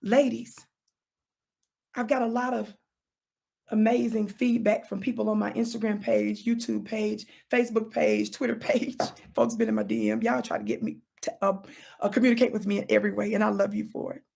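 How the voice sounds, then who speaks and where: A woman hosting her own show, giving an animated, preachy commentary monologue, repeating words for emphasis and teasing her listeners with bursts of laughter. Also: medium pitch, normal speed, gravelly, breathy edge. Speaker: talk show host.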